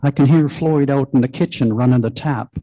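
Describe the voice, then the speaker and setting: A man's voice: medium pitch, fairly quick, dark tone, muffled recording. A man reading his story aloud at a live literary event in dialect, with dry folksy humour and colloquial grammar. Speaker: reader at a live literary open mic.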